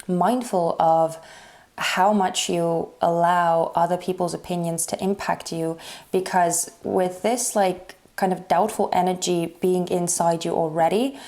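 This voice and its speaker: A woman giving a casual tarot reading to her viewers, talking haltingly and searching for words with many fillers. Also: fairly low pitch, fairly even intonation, darkish tone. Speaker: tarot reader.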